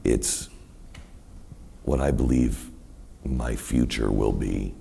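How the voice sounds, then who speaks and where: Very deep gravelly man telling stories. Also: takes it slowly. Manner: animated, rambling storyteller who quotes others in many voices. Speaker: guest. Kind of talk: storytelling in a live onstage conversation. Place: university event hall with a live audience.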